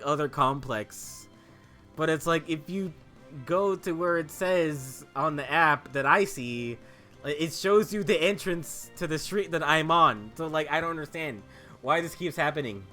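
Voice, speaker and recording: Casual, animated host, swears and laughs a lot over gameplay. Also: male voice, fairly high pitch. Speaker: gaming video host.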